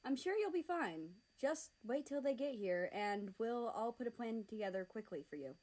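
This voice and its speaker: A woman's voice: fairly high pitch, lively intonation, normal speed, a little mellow. A woman voicing a blunt, teasing teenage girl reassuring her brother, in a storybook reading.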